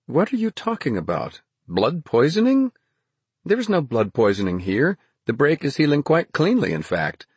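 A brisk, smug young horse doctor, as a male narrator puts him on. He clips his words with a raised, husky voice in a storybook telling. Everything lands as a tidy verdict. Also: a little high, huge pitch swings, a little mellow, no echo, voice pushed up, exaggerated voice. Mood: puzzled. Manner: brisk, clipped, self-satisfied.

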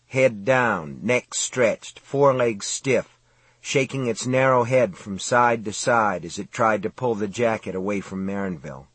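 A man reads a novel aloud in a measured, dramatic way. His voice is husky, and the recording is close and dry with no room sound. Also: mid-range voice, no echo. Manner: steady, measured, dramatic reading. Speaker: audiobook narrator. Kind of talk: scripted narration.

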